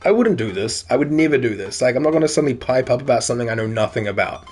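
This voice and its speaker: Give me a man doing joking let's-play commentary, mid-pitched and self-mocking, with light music behind. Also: expressive, very fast, a little mellow. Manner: joking, self-mocking, swears, stumbles over words. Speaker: gamer reading and playing a dating game.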